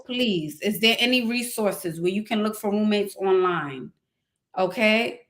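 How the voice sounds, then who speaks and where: A woman's voice: mid-range voice, a little slow, a bit bright. A woman hosting a live advice chat, speaking directly and encouragingly to a caller and to her viewers. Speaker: advice show host.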